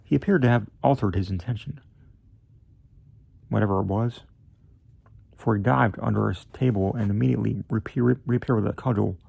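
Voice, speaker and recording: A man narrating a classic story in a measured, slightly theatrical way, with an occasional slip of the tongue. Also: lowish voice, creaky, a little mellow, husky, no echo, lo-fi sound. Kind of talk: amateur reading of a classic story.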